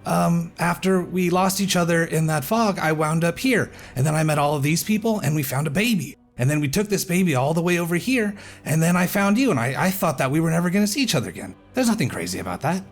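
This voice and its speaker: Guy doing a sweet earnest talking dog, higher voice, rushes his words. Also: lively intonation.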